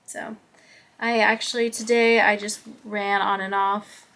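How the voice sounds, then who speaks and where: A woman's voice: medium pitch, little pitch movement, measured pace, a bit bright. A young woman vlogger chatting casually and rambling about her running plans, with filler words. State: out of breath after running. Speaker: fitness vlogger. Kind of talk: casual vlog chat.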